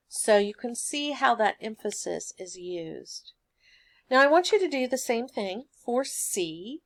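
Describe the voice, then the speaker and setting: A woman teacher giving a recorded grammar lesson, explaining answers in a patient, steady way. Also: fairly high pitch, a little slow.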